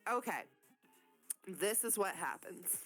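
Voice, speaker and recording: A woman's voice: medium pitch, slow, soft background music. Woman narrating a tabletop game. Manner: casual, profane, animated storytelling. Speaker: game master.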